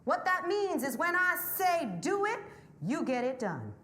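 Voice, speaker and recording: Lady doing a stern army captain lady, super high and bright, slow sing-song orders. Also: big pitch swings, roomy sound, heavily acted. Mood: commanding. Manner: rhythmic, commanding drill cadence. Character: stern woman army captain addressing soldiers.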